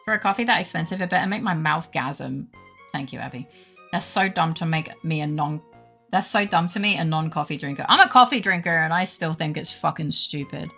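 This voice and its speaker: A woman's voice: low voice, brisk, gravelly, bright, forceful tone, faint music behind. A woman streamer chatting casually during a game stream, rambling, swearing freely and going on rants. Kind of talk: casual gaming stream chat.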